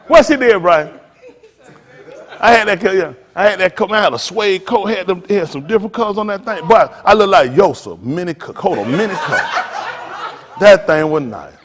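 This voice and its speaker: A middle-aged man pastor, teasing and preaching to his congregation in a joking, animated way. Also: high voice, normal speed. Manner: animated, teasing, talks straight to the crowd. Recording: long hall reverb.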